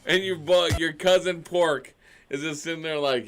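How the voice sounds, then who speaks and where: A man's voice: fairly high pitch, steady tone, normal speed, a bit bright. A man co-hosting a live radio show, teasing his co-host and laughing often. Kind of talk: casual banter on live radio. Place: radio studio.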